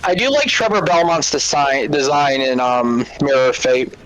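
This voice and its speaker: A man's voice: mid-range voice, normal speed, a crowd in the background, rough recording. A man hosting a casual game stream, laughing easily and swearing. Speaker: streamer host.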